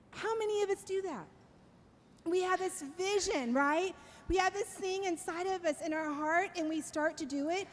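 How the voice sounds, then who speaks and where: Middle-aged woman speaker, very high voice, animated storyteller who laughs easily. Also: moderate pace. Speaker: keynote speaker. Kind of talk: storytelling talk.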